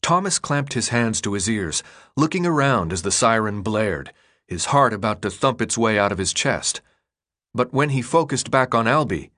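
A man narrating an audiobook in a steady, even storytelling voice. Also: medium pitch. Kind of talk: scripted narration.

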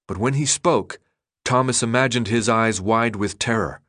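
An audiobook is narrated by a man whose voice sits at medium pitch, his delivery steady and measured. It's a dry recording with clean studio sound.

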